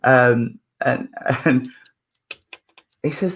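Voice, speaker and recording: Male medium at a service, mid-pitched voice, gentle, halting, apologetic, lots of ums. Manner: hesitant, full of fillers and restarts, apologetic, chuckling. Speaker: spiritualist medium. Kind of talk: mediumship demonstration at a church service.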